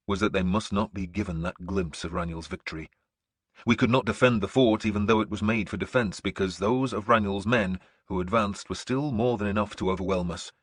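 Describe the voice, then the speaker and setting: Low husky male audiobook narrator. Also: no room sound, clean studio sound. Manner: grave, measured storytelling. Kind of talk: scripted first-person narration.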